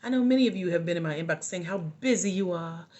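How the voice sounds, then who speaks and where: A woman life coach trainer, talking casually and sassily at home to viewers, with lively preachy asides. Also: fairly low pitch, racing. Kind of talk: casual livestream talk.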